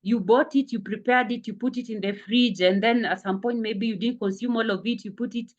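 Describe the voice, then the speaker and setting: A woman's voice: fairly high pitch, a little fast. A woman giving a health and wellness talk, repeating words for emphasis, with frequent fillers. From Kenya. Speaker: wellness speaker. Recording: dull lo-fi sound.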